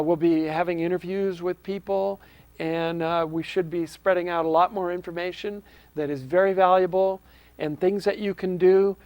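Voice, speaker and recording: Seorang pria memandu acara TV komunitas lokal, berbicara santai tanpa naskah, dengan nada sungguh-sungguh dan banyak "um" serta ulangan kata. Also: male voice, high voice, a little mellow, no room sound. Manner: earnest, with frequent ums and restarts. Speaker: host of a local access TV show. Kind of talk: casual unscripted talk to camera.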